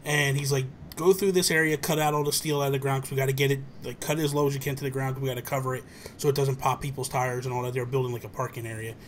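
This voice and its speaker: A man hosting a livestream, telling a childhood story in a rapid, animated way and acting out family members' voices. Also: mid-range voice, slight background noise. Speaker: livestream host. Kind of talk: casual chat, storytelling.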